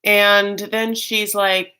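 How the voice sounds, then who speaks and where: Chatty, bright-voiced male reaction host. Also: high-pitched, drawn-out words, clean tone. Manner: chatty and animated, many fillers, bursts of mock voices. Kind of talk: casual live reaction commentary.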